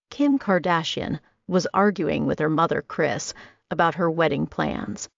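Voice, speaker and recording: A woman reads a first-person audiobook with wry, comic timing. Her voice is low and gravelly with vocal fry. The recording is dry, close and slightly dull. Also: dry recording. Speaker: audiobook narrator.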